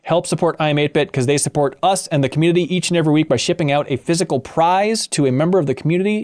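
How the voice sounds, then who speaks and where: A man hosting a casual podcast chat, playful and animated, with jokey asides. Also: fairly high pitch, racing, hardly any pauses. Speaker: podcast host.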